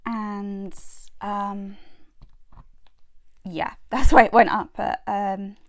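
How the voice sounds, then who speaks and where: A woman's voice: medium pitch, fairly even intonation, drawn-out words. Chatty woman crafting on camera. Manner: chatty, rambling, with many fillers and laughs. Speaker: crafting vlogger. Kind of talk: casual chat while crafting.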